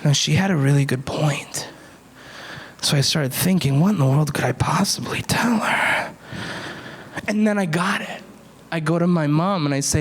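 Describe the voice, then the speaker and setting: A man telling a story to children, dramatic, swinging between loud bursts and hushed whispers. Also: high-pitched, expressive, moderate pace, slightly rough. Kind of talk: animated storytelling for kids.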